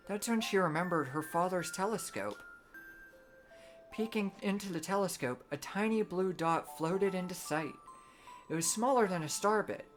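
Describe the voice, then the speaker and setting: A woman with a lowish voice reads a storybook aloud, gentle and measured, as if at bedtime. Soft game music hums faintly behind her. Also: expressive. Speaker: streamer.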